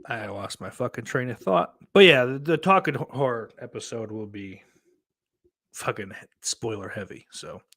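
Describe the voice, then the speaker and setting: With a mid-range, fairly bright voice, a podcast host reads viewer comments and chats casually at a moderate pace. He's expressive, rambling, heavily profane, and self-mocking.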